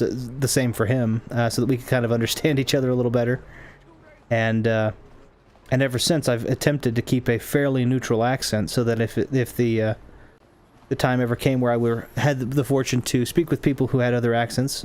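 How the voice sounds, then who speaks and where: A man's voice: mid-range voice, darkish tone, slight background noise. A man from the Southern United States chatting casually with viewers while playing a game on a stream, often restarting his sentences and wandering off on tangents.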